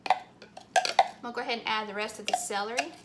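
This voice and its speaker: A woman's voice: on the high side, fairly quick, very noisy. Plainspoken woman making a recipe. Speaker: cooking channel host. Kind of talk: casual recipe demonstration.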